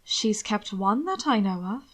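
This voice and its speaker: An earnest young gentleman speaks gently and sincerely, caring and a little anxious, as a woman voices him. The voice stays close to her own, at middling pitch. It comes from a storybook-style reading. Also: sing-song, unhurried.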